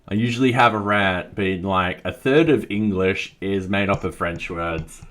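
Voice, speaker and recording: Deep-voiced Australian man live coding. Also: unhurried, a bit bright, faint music behind. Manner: thinks aloud, chatty and self-deprecating, reads chat. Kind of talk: casual live-coding chat.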